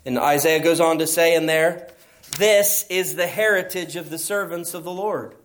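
A man's voice: a little high, moderate pace, a bit bright. A man preaching a sermon as pastor, emphatic and asking his listeners rhetorical questions.

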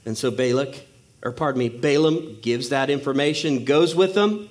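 A man's voice: mid-range voice, normal speed. A male preacher giving a sermon, telling a story with humor and acting out the characters.

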